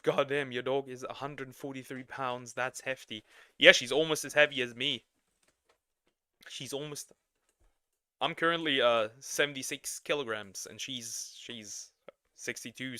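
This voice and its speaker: A man's voice: mid-range voice, moderate pace, dry recording, clean studio sound. A man with a non-native English accent, chatting casually on a livestream, rambling and restarting his sentences. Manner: rambling, animated, laughs often, restarts sentences. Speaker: streamer reacting to videos and chatting.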